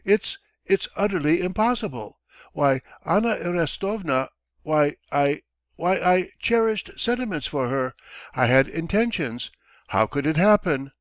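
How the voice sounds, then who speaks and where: A man's voice: a little high, expressive, a little slow, no room sound, voice pushed up. A man reading an audiobook, voicing a timid young barber who stammers and pleads. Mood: shocked, stammering. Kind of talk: audiobook character voice.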